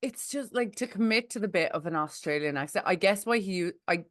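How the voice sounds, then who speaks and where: A woman's voice: mid-range voice, animated, fairly quick, no room sound. A woman co-hosting a pop culture podcast, giving wry, reflective commentary in casual chat. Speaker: podcast co-host.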